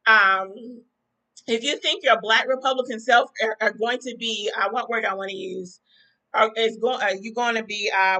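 A woman's fairly high, bright voice carries a forceful tone on a rough recording. Hosting a talk podcast, she delivers fired-up, preachy commentary casually to a live chat, calling her listeners y'all.

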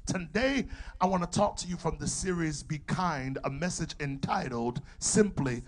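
A man's voice: fairly high pitch, lively intonation, normal speed. A man preaching a sermon, drawing out scripture and leading the congregation in call and response. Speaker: pastor.

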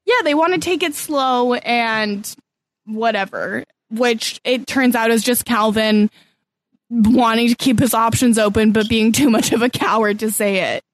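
Canadian woman podcasting, kinda high voice, dry close mic, wry and playful. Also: measured pace, no echo. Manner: wry, playful, with frequent fillers. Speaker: podcast co-host. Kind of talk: casual chat.

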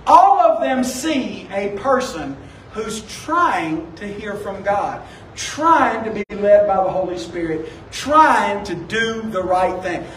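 High-voiced pastor preaching in a big echoey room. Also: male voice, animated, slow, fairly bright tone, a little hiss or hum. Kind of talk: sermon. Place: church sanctuary. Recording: echoey room, distant from the mic.

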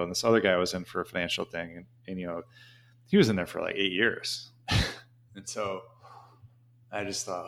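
Low-voiced man telling a rambling story. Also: fairly even intonation, brisk, fairly bright tone. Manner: rambling, frequent "you know" fillers. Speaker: interview guest. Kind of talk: casual storytelling.

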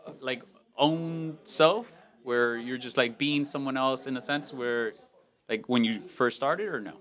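A man hosting a casual podcast, asking quick questions in a jokey way. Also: medium pitch, fairly bright tone. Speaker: podcast host. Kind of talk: casual interview chat.

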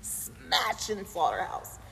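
A woman's voice: medium pitch, takes it slowly, creaky. A woman hosting a casual chat, telling stories animatedly with frequent laughter and acted-out quotes. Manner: animated storyteller, laughs often, acts out quotes. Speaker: podcast host. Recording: roomy reverb with faint noise.

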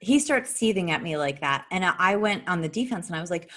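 Woman, low-ish voice, swears freely, blunt and animated; casual podcast storytelling. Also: quick pace, few pauses. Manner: profane, blunt and emphatic; animated, with sharp jumps in pitch.

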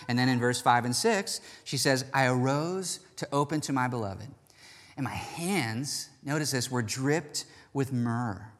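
A man preaching in a relaxed, conversational way, acting out quoted lines as he talks. His voice sits at an ordinary middle pitch. It rings with long reverb, as in a church hall. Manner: animated, chatty, acts out quoted lines. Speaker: pastor. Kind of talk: sermon.

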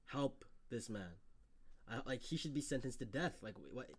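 A man's voice: medium pitch, lively intonation, normal speed. A man co-hosting a casual podcast, reading news stories aloud and riffing on them with loose, profane talk. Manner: loose and profane, reads headlines then riffs. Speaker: podcast co-host.

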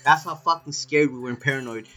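A man's voice: medium pitch, fast, faint music behind. A man telling a story in casual chat, swearing freely and saying "dude" all the time. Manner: swears a lot, animated, says "dude" often.

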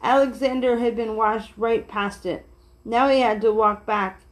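A woman reading a children's picture book aloud in a gentle, steady way, with small slips and restarts. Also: a little high, measured pace.

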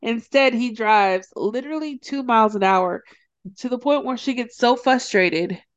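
A woman co-hosting a podcast, casually recapping a TV show and acting out the characters' lines in quick, animated storytelling. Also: fairly high pitch, muffled recording. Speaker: podcast co-host.

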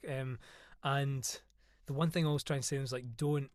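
A man's voice: mid-range voice, steady tone, normal speed, dry recording, clean studio sound. A man with a Scottish island accent, chatting as a podcast guest, talking loosely with many fillers and restarts. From Scotland. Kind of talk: casual chat.

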